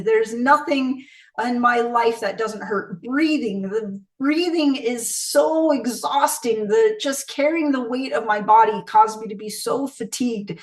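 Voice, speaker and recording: A middle-aged woman telling her life story in an interview, candid and reflective, often checking in with the listener. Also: a little high. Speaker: interview guest. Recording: voice somewhat distant from the mic.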